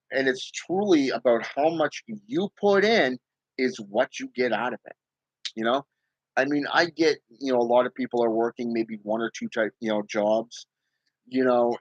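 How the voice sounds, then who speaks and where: A man with a medium-pitched voice hosts his own channel in a casual livestream, talking emphatically to viewers about spirit work. He keeps checking in with "okay?" and "you know," and the recording is dry and lo-fi.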